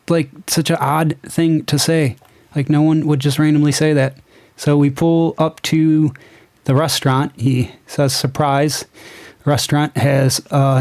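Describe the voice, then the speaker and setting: A man's voice: on the high side, darkish tone. A young man giving a casual, sarcastic review, incredulous and swearing as he picks apart what he is reading. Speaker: comic book reviewer. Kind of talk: casual ranting review commentary.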